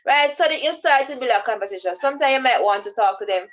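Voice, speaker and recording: A woman's voice: fairly high pitch, fast talker, fairly bright tone, low-quality recording. Woman rambling through scam warnings. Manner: rambling, acts out both sides of calls in quoted dialogue. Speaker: vlogger giving scam-awareness advice. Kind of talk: casual instructional talk.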